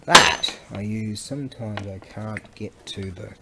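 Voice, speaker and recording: A man's voice: lowish voice, slow pace, creaky, very noisy. A man vlogging in a workshop, rambling casually to the camera, laughing often and muttering asides to himself.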